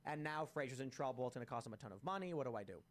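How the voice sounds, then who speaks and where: A man hosting a casual panel talk, telling stories in an animated, rapid way. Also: medium pitch. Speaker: host.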